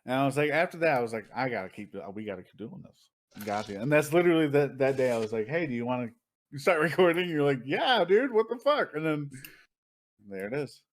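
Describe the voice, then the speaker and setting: A man's voice: medium pitch, animated, fast talker. A man co-hosting a casual podcast, telling a story with lots of swearing and acting out what other people said. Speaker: podcast co-host. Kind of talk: casual chat.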